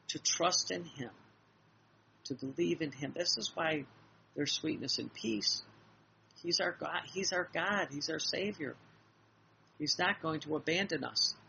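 A man's voice: a little high, vocal fry, bright, forceful tone, slight background noise. A man preaching a sermon in an earnest, repetitive, exhorting way, acting out dialogue as he goes. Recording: dull lo-fi recording with faint ambience.

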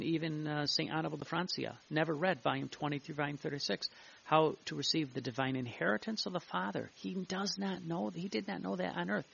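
A male preacher giving a fervent devotional sermon, reading passages aloud and repeating himself, with a gravelly voice. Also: fairly high pitch, a bit bright. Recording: muffled lo-fi recording.

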